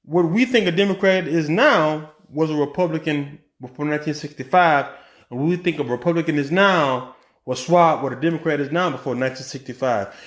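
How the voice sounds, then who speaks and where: Animated high-voiced man in an echoey room. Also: a little fast. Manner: animated, rhetorical questions, many restarts and fillers. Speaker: vlogger. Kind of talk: casual political commentary.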